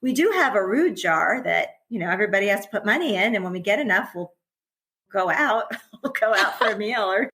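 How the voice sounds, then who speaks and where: A woman's voice: mid-range voice, expressive, brisk, bright, forceful tone. A middle-aged woman speaks as a guest in a casual podcast conversation. She is candid and chatty, and laughter runs through her talk. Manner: chatty and candid, laughs often while talking.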